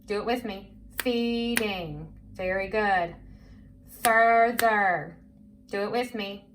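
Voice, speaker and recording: A woman's voice: mid-range voice, steady tone, normal speed. A woman teaching a phonics lesson to young children, patient and encouraging, drawing out each word for them to repeat. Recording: faint background noise.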